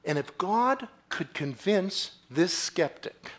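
A man preaching a sermon in a church, swinging from quiet, low phrases to loud, excited bursts. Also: takes it slowly. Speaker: pastor.

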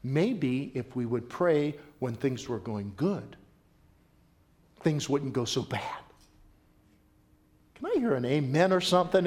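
A middle-aged male pastor preaching a sermon in an emphatic, conversational way, often jumping up in pitch and volume. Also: sing-song, takes it slowly, pauses often, darkish tone.

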